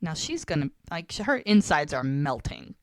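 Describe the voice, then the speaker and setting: A woman's voice: low-pitched, normal speed, no room sound, clean studio sound. Woman animatedly recapping a scene. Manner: animated retelling, acting out both characters' lines. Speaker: podcast co-host. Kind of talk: casual recap chat.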